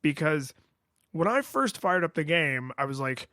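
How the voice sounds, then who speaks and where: A man with a voice a touch higher than most talks through a retro game review. He rambles, stops to restart his thoughts, and sprinkles in fillers. It sounds close-miked and dry, with no room sound. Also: a little slow, no room sound. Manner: rambling, lots of fillers and restarts, acts out his own past excitement. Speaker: podcast co-host.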